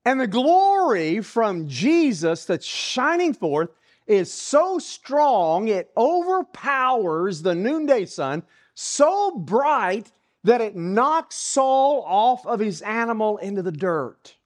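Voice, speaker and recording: A preacher delivering a sermon at a slow, deliberate pace. The voice rises and falls widely, swinging from emphatic lines to hushed near-whispers while the story is built up scene by scene, with words often repeated. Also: medium pitch, sing-song. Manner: dramatic retelling of a story, dropping to hushed whispers.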